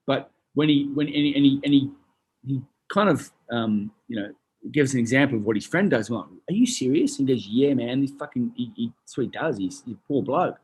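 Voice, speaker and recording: Australian guy, rapid-fire husky storyteller, cusses and does the voices. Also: mid-range voice. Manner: animated, swears freely, acts out voices in his stories. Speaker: guest, retired boxer. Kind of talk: casual storytelling.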